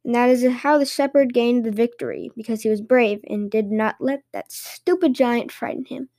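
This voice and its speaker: A woman host reading fairy tales aloud in lively storytelling narration. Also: a little high, normal speed.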